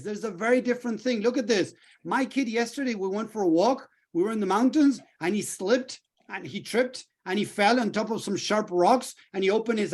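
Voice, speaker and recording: High-voiced animated male coach. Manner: animated, acts out little dialogues. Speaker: healing coach. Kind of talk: coaching talk to a group.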